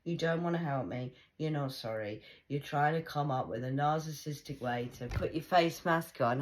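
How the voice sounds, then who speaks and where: A woman's voice: rumbling low, moderate pace, few pauses. A woman in her forties ranting bluntly in a heated casual monologue, swearing often. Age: 40s. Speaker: vlogger.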